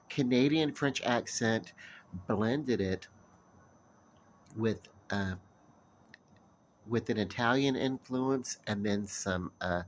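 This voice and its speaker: Rambling low-voiced man chatting casually. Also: a little hiss or hum. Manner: rambling, with many fillers and restarts. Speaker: vlogger. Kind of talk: casual chat.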